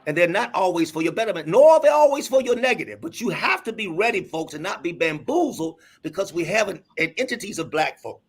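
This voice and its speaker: Husky, animated man telling stories. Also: high voice, brisk, few pauses. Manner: emphatic, lively, laughs while telling stories. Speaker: guest doctor. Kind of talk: animated storytelling.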